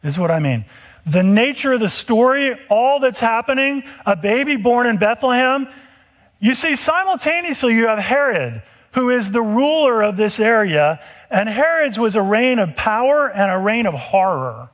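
Male pastor, high voice, energetic storyteller who acts out the scenes in a sermon. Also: moderate pace. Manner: animated storytelling, acting out dialogue.

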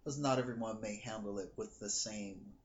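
A fairly low-pitched man speaks at normal speed in a muffled recording with slight background noise. Co-hosting a casual podcast as a psychic reader, he tells animated stories and acts out people's words.

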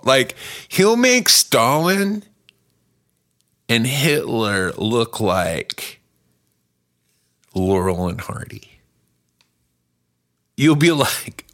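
A man performing a rambling stand-up comedy bit, acting out little voices and swinging from mumbles to shouts. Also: mid-range voice, very animated, slow pace, long pauses.

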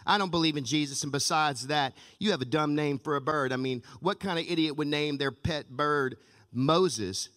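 A man's voice: fairly high pitch, normal speed, a bit bright, close to an everyday voice. A man playing a skeptical male burglar who scoffs at a talking bird in a mocking way, with a long church-hall reverb. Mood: scoffing.

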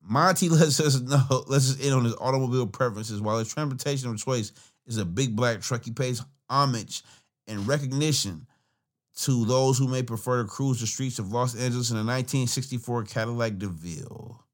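A man's voice: medium pitch, a little fast. A man hosting a podcast, giving casual, profane, rambling commentary on songs and laughing often. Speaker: podcast host reacting to music.

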